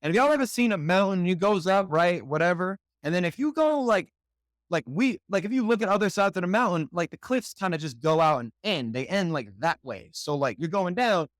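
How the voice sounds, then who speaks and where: A man from New York City, a podcast guest, excitedly telling a personal story in slangy speech and acting out what he said back then. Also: high-pitched, fairly quick, no echo, clean studio sound. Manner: slangy, excitable, acts out his own past lines.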